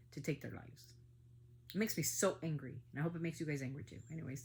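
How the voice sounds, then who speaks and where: This podcast host, a middle-aged woman with a deep voice, gives angry, emotional commentary on her family podcast against slight background noise. She speaks emphatically, her volume rising in sudden surges.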